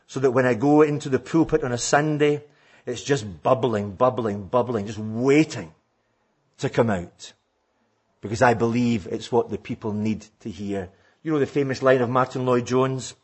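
Husky-voiced man preaching fervently. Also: mid-range voice. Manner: earnest, fervent exhortation. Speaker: pastor. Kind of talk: sermon-style teaching to preachers.

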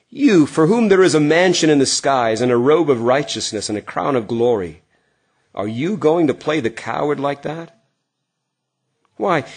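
A middle-aged male pastor preaching earnestly, swinging from emphatic lines to hushed, quiet passages. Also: medium pitch. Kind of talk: sermon.

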